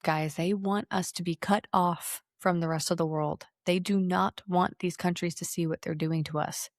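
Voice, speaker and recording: A woman in her thirties co-hosting a podcast, talking politics in a sarcastic, animated way with some swearing. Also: fairly low pitch, normal speed, dry recording, clean studio sound. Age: 30s. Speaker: podcast co-host. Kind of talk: casual political chat.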